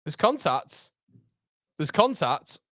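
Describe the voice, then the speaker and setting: Lad hosting a footy watchalong, high voice, dead dry recording, gets loud fast. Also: male voice, dry recording. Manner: excitable, swings from groans to shouting. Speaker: fan channel host. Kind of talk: live match watchalong reaction.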